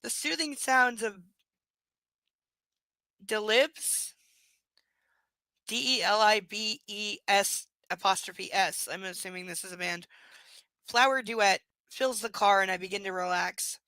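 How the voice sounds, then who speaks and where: A woman's voice: mid-range voice, slow pace, long pauses, pushed and bright, no room sound, rough recording. A woman at home doing a live reading of a novel aloud, breaking off for wry, sarcastic asides. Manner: wry, sarcastic asides between read passages. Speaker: reader and host.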